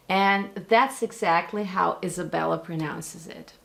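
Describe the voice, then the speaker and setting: A woman with a Russian accent talks through a pronunciation lesson in a fairly low voice. She speaks slowly and deliberately, repeating single sounds and words to demonstrate them. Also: vocal fry. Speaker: Russian language and accent teacher.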